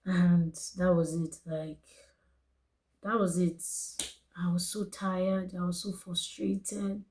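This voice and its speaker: Earnest Nigerian woman, mellow voice. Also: on the low side, little pitch movement, takes it slowly, poor audio. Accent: Nigerian English. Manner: earnest, emotional, repeats phrases for emphasis. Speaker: vlogger. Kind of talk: personal storytelling to camera.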